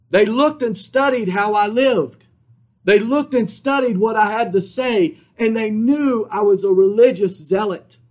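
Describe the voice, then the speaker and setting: A man preaching a sermon with an emphatic, repetitive cadence. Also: high voice. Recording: dull lo-fi recording.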